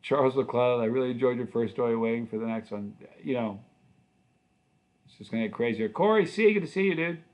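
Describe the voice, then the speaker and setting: A man's voice: medium pitch, fairly quick, a little mellow. A middle-aged man hosting a livestream, answering viewer comments in a loose, rambling, friendly way with many restarts. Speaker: channel host.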